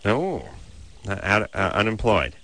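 Bright-voiced man hosting call-in radio. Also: lowish voice, sing-song. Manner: joking, riffing, quick questions to the caller. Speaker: radio show host. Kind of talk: casual call-in radio banter.

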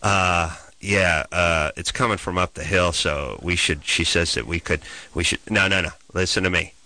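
A male podcast host launches into a profane, exasperated comic rant about his neighbors, delivered as comedic storytelling. His voice is low-pitched and sharp, his pace moderate, with no room sound.

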